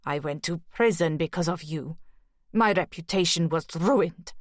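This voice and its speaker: A woman's voice: sits low, measured pace, dry recording, clean studio sound. A woman voicing a cold, gaunt, silver-haired ex-soldier who speaks in a menacing way. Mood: cold menace.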